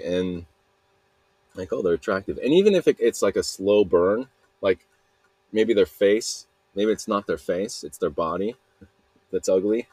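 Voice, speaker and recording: A man's voice: deep voice, a little mellow, breathy edge. A young man from Utah rambling through a solo podcast monologue, self-mocking and trailing off mid-sentence. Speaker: podcast host.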